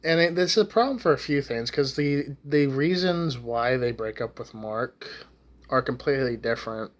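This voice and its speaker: A man's voice: medium pitch, moderate pace. A young man ranting casually to camera, rambling with lots of swearing and false starts. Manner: profane, rambling, with many restarts and fillers. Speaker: YouTube ranter.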